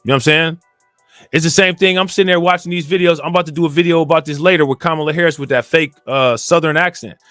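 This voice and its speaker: A man from Cleveland rambles through a casual commentary. His voice sits fairly high and sounds dry and close, with faint music underneath. He leans on filler phrases and climbs in pitch when he gets indignant. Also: fast talker, a bit bright, no echo. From Cleveland, Ohio. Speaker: commentary channel host.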